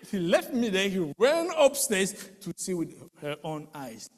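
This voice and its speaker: A man giving an emotional spoken testimony, telling the story with animated delivery and acting out quoted voices. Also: sits high, a little slow, hardly any pauses, in a large hall.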